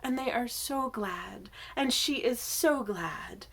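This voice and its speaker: A woman, a worship associate, telling a myth in a church service, animated and often dropping to a whisper. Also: a little high, takes it slowly, gravelly, husky.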